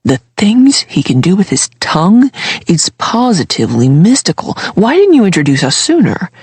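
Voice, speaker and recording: A narrator voicing a flamboyant, gossipy young male coworker who gushes theatrically and drops into husky whispers. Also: medium pitch, big pitch swings, normal speed, a little mellow, dry recording, exaggerated voice. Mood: gushing.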